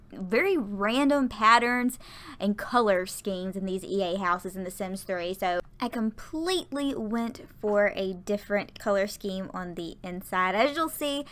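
A woman's voice: medium pitch, fairly bright tone. Chatty woman rambling. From American South. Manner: chatty, rambling, stumbles over words. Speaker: Sims YouTuber. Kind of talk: casual gameplay voiceover. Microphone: home voiceover mic.

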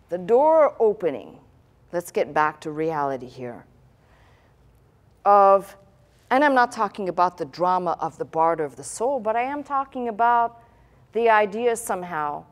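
A woman pastor delivering a sermon in a conversational style, with rhetorical questions and asides. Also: medium pitch.

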